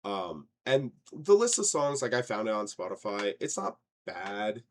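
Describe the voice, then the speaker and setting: A young man with a lowish voice co-hosts a casual podcast chat. He tells stories in an animated way, swears freely and jumps up in loud, mocking bursts when something annoys him. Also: a little slow. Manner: animated storyteller, swears, mocks wrong lyrics with rising outbursts. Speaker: podcast co-host.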